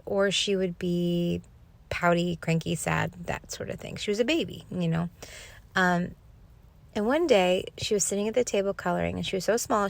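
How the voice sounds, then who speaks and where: Lady podcaster telling a spiritual story, kinda low and gravelly, earnest. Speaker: podcast host.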